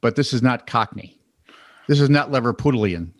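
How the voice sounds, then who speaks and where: An American man co-hosts a comedy news podcast, teasing his partner and laughing often. His voice sits in a middle pitch. The recording is dry and close, with no room sound. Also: animated, normal speed, no room sound. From United States. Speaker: podcast co-host. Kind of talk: casual comedic news chat.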